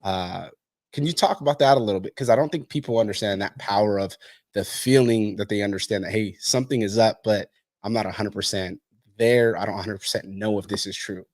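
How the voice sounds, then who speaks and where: A man's voice: on the low side, a little fast, darkish tone, dry recording, clean studio sound. A man hosting an interview, a coach who talks bluntly and swears freely. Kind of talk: casual interview chat.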